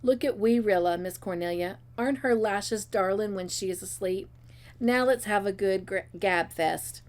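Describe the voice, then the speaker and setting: Woman narrator, storybook reading, expressive and lively with dialogue. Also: mid-range voice. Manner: expressive reading with character voices. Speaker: storybook reader. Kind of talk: reading a novel aloud.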